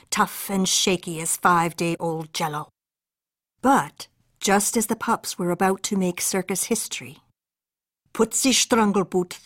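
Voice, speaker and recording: A woman's voice: medium pitch, dry recording, studio quality. A woman reading a children's picture book aloud in a playful, sing-song way, sprinkling in Spanish words. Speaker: storybook reader.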